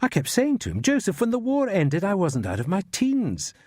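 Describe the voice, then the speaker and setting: A man's voice: sits high, huge pitch swings, normal speed, a little mellow, dry recording, studio quality, full character voice. An actor playing an evasive older male academic from Scotland, defensive under police questioning.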